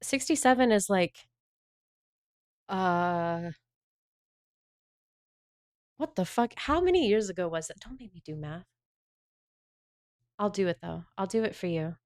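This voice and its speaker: A woman's voice: lowish voice, animated, takes it slowly, pauses often, smooth, no echo, clean studio sound. A woman in her thirties streaming live, chatting playfully with her viewers and swearing casually.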